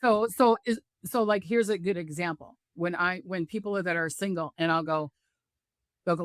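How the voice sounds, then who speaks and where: A woman's voice: on the low side, normal speed, no echo, studio quality. A middle-aged woman, a psychic, talking casually in an interview and acting out the voices of people she quotes. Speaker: psychic medium guest. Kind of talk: casual spiritual interview talk.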